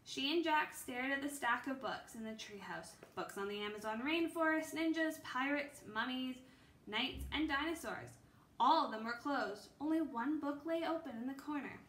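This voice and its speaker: A woman reads a children's chapter book aloud in a gentle storytelling manner, with the occasional slip and correction. Her voice is bright and a little high. The room is echoey, with faint noise behind her. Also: moderate pace. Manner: gentle storytelling with small slips. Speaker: reader.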